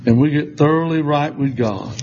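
Man preaching, high voice, folksy storyteller, slightly muffled recording with faint hiss. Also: normal speed. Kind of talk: sermon with storytelling.

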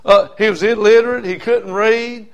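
A man preaching a storytelling sermon, dropping to hushed asides and rising to shouted hollers. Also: high voice, steady tone, normal speed, muffled recording.

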